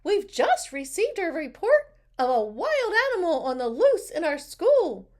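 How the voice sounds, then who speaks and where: A woman's voice: extremely high pitch, huge pitch swings, unhurried, a little mellow, voice pushed up, exaggerated voice. A woman playing a fussy, stern old schoolteacher. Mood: alarmed. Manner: warning, announcing.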